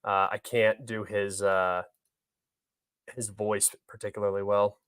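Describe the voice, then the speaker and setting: A man's voice: lowish voice, little pitch movement, unhurried, a bit bright, smooth. A young man hosting a livestream, talking through news articles in an offhand, rambling, opinionated way. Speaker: livestream host. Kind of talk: casual livestream news commentary.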